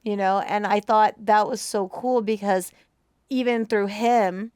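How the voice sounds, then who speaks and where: A woman co-hosting a movie reaction, telling a personal story in casual chat, animated and emotional, acting out the voices of people she quotes. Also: medium pitch, unhurried, smooth, dry recording, studio quality.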